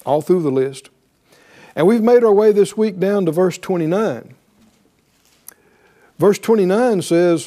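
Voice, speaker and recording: A man's voice: sits high, dark tone. A man preaching a sermon, emphatic, often asking his listeners "right?" and reading scripture aloud. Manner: emphatic, calls for responses with "right?"; reads scripture aloud, shifts into voiced quotes.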